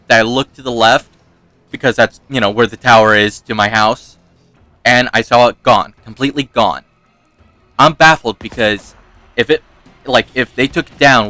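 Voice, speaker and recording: A man's voice: mid-range voice, normal speed, bright, forceful tone, dry recording, faint music behind. A man hosting a gaming video, telling a rambling, self-mocking personal story and laughing often. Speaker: gaming channel host. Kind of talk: casual storytelling over gameplay.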